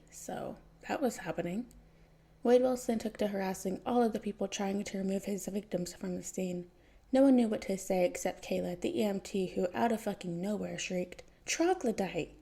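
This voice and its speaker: A woman narrating a fanfiction audiobook with a dry, wry delivery. Her voice is mellow and dark-toned, with a steady gravelly fry at the edges of her phrases, pitched in a mid range. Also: normal speed. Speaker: podfic reader.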